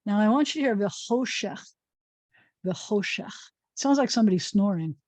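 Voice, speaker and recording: A woman's voice: medium pitch, lively intonation, brisk, a little mellow, no room sound. A woman rabbi teaching a Hebrew reading lesson, patiently explaining and sounding out words.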